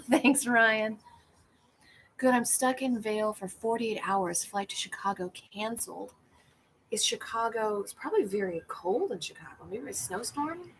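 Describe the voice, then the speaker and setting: A woman's voice: on the high side, animated, unhurried, a little hiss or hum. A middle-aged woman chatting casually and rambling, reading viewer comments aloud and acting out the people in her stories. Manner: rambling, self-deprecating, acts out quoted people. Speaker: comedian hosting a livestream.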